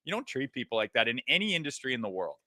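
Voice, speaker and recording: A man's voice: mid-range voice, sing-song, very fast, pushed and bright, no echo, studio quality. A man co-hosting a sports talk show, a former player, talking earnestly and heatedly in agreement. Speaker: co-host, former hockey player. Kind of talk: casual chat.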